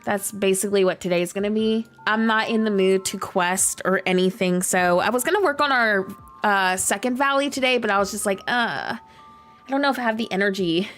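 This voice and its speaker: A woman game streamer with a scratchy, hoarse voice, chatting casually and rambling with lots of "like" while she plays. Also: on the high side, a bit bright. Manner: chatty, rambling, heavy use of "like". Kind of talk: casual livestream chat while playing.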